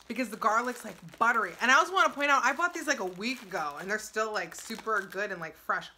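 A young woman with a twang chatters through a casual tasting vlog, gushing and leaning on "like". Her voice is sharp and very bright, pitched a touch high. Snack bags crinkle in the background. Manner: gushing, excitable, filler-heavy. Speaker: YouTuber.

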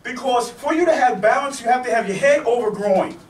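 A man's voice: extremely high pitch, lively intonation, fairly quick. A man teaching street self-defense, demonstrating on a partner and checking in with "okay?" and "right?" as he goes. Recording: echoey room, mic far off.

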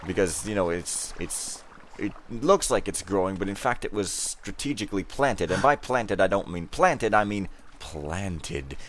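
A man's voice: on the low side, normal speed, few pauses, a bit bright, slight background noise. A man giving casual let's play commentary, rambling with self-mocking, jokey asides.

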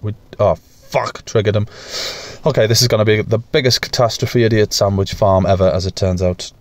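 A man's voice: on the low side, fairly even intonation, normal speed, dry recording. Chatty self-mocking young man gaming. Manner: makes playful sound effects and coos at pets. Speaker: gaming YouTuber. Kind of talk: casual gameplay commentary.

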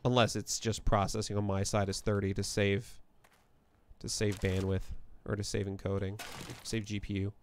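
A live streamer chats casually while playing a game from his apartment room, thinking aloud and frequently correcting himself. His voice is fairly low with a level tone and moderate pace, and there's a little hiss or hum.

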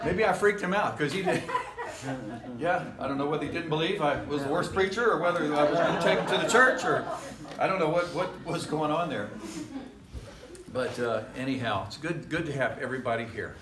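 Man, pastor, casual joking sermon, rambling asides, somewhat high voice, echoey church. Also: brisk, over a noisy crowd. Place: church sanctuary.

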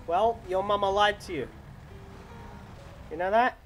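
A man's voice: high-pitched, unhurried, faint music behind. A man who makes gaming videos, chatting casually and joking around during role-play. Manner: joking, laughs often. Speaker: gaming YouTuber.

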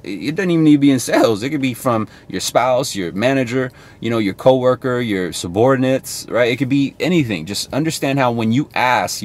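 A man talking casually to camera as a sales coach, chatty and thinking aloud as he explains. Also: mid-range voice.

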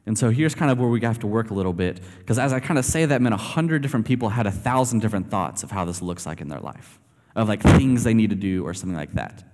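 A man's voice: fairly low pitch, lively intonation, fast talker, a little mellow, slight background noise. Male pastor, easygoing conversational sermon delivery, reverberant sanctuary sound. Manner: casual, conversational preaching with many fillers. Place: church sanctuary. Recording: long hall reverb.

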